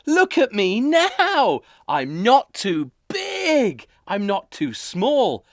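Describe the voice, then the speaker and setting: A man presenting a children's show, talking in an exaggerated way and slowly repeating phrases for young viewers to say along. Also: high-pitched, huge pitch swings, dry recording, clean studio sound.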